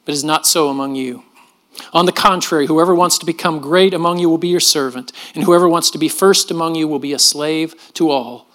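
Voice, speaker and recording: A middle-aged pastor with a fairly high voice preaches a sermon at a brisk pace. He is earnest, frequently dropping his voice softly and repeating words as he goes.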